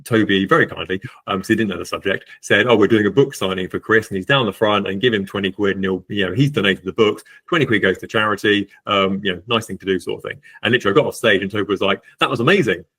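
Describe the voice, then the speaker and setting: A man's voice: lowish voice, quick pace, hardly any pauses, fairly bright tone, breathy edge. A man, a guest on a podcast, telling his own story candidly, with lots of fillers and restarts. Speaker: podcast guest, estate agent.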